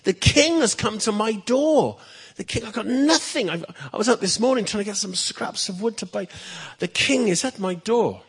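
An astonished old peasant man, poor and beside himself with joy, as a storyteller puts him on. He yells in a high, strained voice with a gravelly, husky edge. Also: moderate pace, hardly any pauses, exaggerated voice. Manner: high and excited, bellowing.

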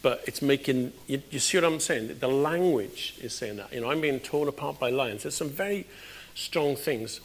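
A British man preaching a conversational sermon in a church, with sudden loud, emphatic bursts. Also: medium pitch, lively intonation, moderate pace. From Britain.

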